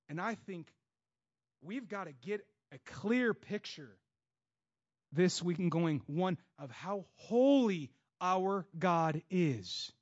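A man preaching a sermon with passion, moving between loud bursts and hushed stretches. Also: high voice, expressive, slow pace. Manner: acts out God's voice and inner voices in quotes. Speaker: pastor. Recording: dull lo-fi sound.

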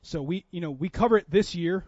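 A man's voice: high voice, brisk, darkish tone, no room sound, highs cut off. A man preaching a sermon in a church, telling a story in a conversational way that builds to impassioned preaching. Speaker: pastor.

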